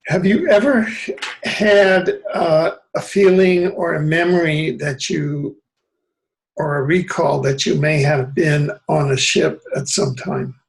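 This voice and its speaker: Man hosting a video call interview, slow halting questions, raised pitch. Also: gravelly, low-quality recording. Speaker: interview host.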